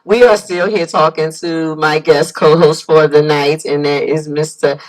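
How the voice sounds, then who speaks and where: A woman's voice: low-pitched, steady tone, a little slow, poor audio. A woman hosting a talk show, who chats casually with her guest and reads out her sponsors. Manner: friendly, gives frequent backchannel replies. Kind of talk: casual interview chat.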